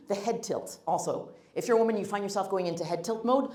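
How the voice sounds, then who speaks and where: A woman's voice: mid-range voice, quick pace, warm tone. A woman giving a live workshop talk, blunt and emphatic with wry humor. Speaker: workshop speaker. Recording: roomy hall.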